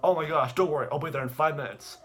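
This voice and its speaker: A man voicing an excitable male police officer who talks loudly and heroically. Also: on the high side, quick pace, lightly acted. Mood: eager loud.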